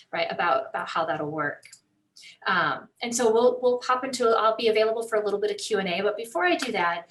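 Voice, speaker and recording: A middle-aged woman addressing a group with a motivational story. She tells it in an animated way, putting on the voices in the dialogue, at an ordinary mid pitch for a woman. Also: rough recording. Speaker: speaker at a group meeting.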